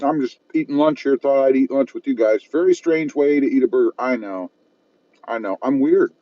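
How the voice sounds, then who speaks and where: This car channel host from South Texas has a medium-pitched voice at a normal pace. He chats easily on a live stream from his car parked at a fast-food restaurant, reading viewer comments between bites and teasing himself. No echo is present, though the high frequencies are cut off.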